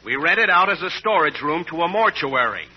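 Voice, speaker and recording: A man's voice: on the high side, fairly quick, natural voice. Man as a dry, matter-of-fact theater manager; raised voice, muffled vintage broadcast sound. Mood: deadpan. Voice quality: deadpan. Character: deadpan male theater manager. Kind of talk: 1940s radio comedy acting. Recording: muffled old radio broadcast with hiss.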